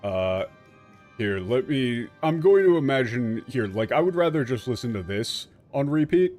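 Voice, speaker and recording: A man streaming a game, giving irreverent, swearing commentary and haltingly translating lines. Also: mid-range voice, big pitch swings, darkish tone. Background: game music.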